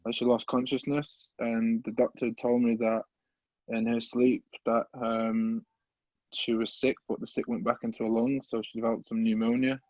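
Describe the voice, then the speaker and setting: A man, earnestly telling his life story as a podcast guest in a halting, open and emotional way. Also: mid-range voice, mellow, dry recording, highs cut off. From English Midlands. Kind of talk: personal life story in an interview.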